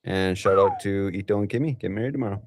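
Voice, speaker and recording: A man's voice: on the low side, quick pace. A laid-back man co-hosting a live podcast in casual chat. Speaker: podcast co-host.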